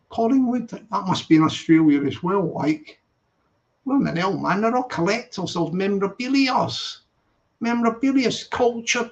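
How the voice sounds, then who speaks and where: Chatty man with a high voice. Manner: rambling, repeats himself, chatty. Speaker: live stream host. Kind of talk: casual chat reading viewer comments. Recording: dull lo-fi stream audio.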